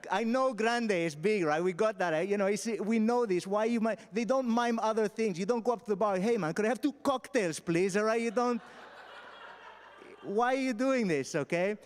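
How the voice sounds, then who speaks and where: A young man from Mallorca doing an animated stand-up comedy set on a festival stage, peppering his talk with punchy "all right?" asides. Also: high voice, moderate pace, in a large hall, slight background noise. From Mallorca, Spain. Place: festival stage before a live audience.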